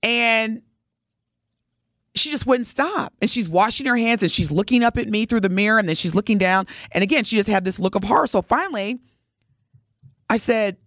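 Middle-aged woman co-host, lively animated delivery, dry close sound, casual storytelling. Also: a little high, moderate pace, no room sound. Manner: animated, expressive storyteller addressing listeners directly. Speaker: podcast co-host.

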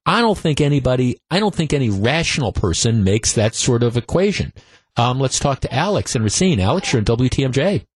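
Male radio host, mid-pitched, stammers through restarts, close dry studio mic. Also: sing-song, slightly rough, no room sound. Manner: halting, many stammered restarts. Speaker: radio talk show host. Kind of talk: political talk radio. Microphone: studio microphone.

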